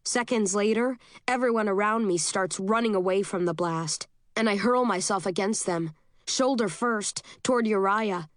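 A woman reading a first-person novel aloud as an audiobook narrator, steady and measured. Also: mid-range voice, no room sound, clean studio sound.

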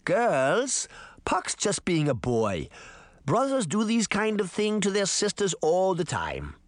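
A man voicing a kindly, unflappable old grandmother who speaks gently and soothingly. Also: a little high, wildly swooping pitch, unhurried, no echo, heavily acted. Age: older.

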